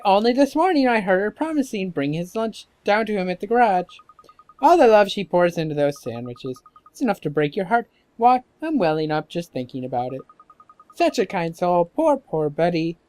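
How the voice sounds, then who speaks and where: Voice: mid-range voice, sing-song, moderate pace, darkish tone, lightly acted. A gamer voicing a fussy, gossiping old woman neighbor while reading game dialogue aloud. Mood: gossipy. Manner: gushing, gossipy. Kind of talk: let's-play dialogue read aloud.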